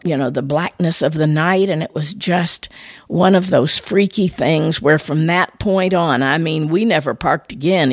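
A woman's voice: fairly low pitch, no echo. Older woman telling a story, dry sound. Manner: animated, conversational storytelling with playful asides. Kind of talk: personal storytelling message.

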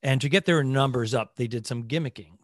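A man's voice: mid-range voice, a little fast, no room sound, studio quality. A man co-hosting a casual comedy podcast with wry, joking banter. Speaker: podcast co-host.

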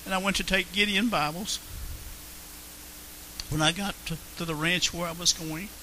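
A man's voice: high-pitched, fairly even intonation, normal speed, pushed and bright, a little hiss or hum, low-quality recording. A man telling his personal faith testimony in an earnest way, repeating phrases for emphasis. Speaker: Christian testimony speaker.

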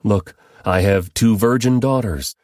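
A man's voice: on the low side, measured pace, darkish tone, dry recording, studio quality, pitched above the performer's own voice, natural voice. A man reading as an anxious, begging host. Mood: anxious pleading. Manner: pleading, urgent. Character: anxious, begging man protecting his guests.

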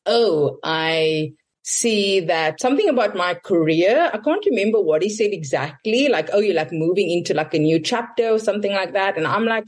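A woman telling a personal story in casual podcast chat, animated and acting out the people she quotes. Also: lowish voice, moderate pace. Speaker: guest telling her story.

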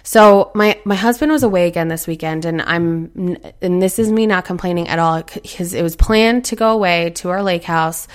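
A woman's voice: on the low side, moderate pace, hardly any pauses. A woman in her thirties hosting a casual motivational talk, chatty and earnest, acting out inner voices as she goes. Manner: earnest, encouraging.

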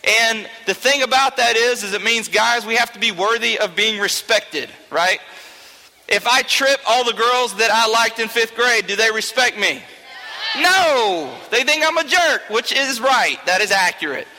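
A man's voice: very high voice, lively intonation, unhurried, pushed and bright. A young man, talking to a youth group in a joking, chatty way and often checking in with "okay?". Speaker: youth teacher. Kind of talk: informal talk to a youth group. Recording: long reverb of a large hall.

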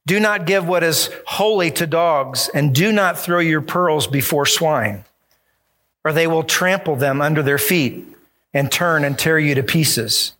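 A man's voice: a little high, a little slow, sharp tone. A male pastor preaching a sermon, emphatic and acting out the voices he quotes.

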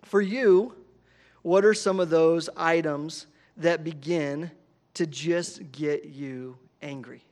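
A pastor in his thirties delivers a sermon with a notably high-pitched voice. He talks casually and animatedly, telling personal stories and checking in with listeners by asking "right?". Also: takes it slowly. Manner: conversational, animated storytelling with frequent "right?".

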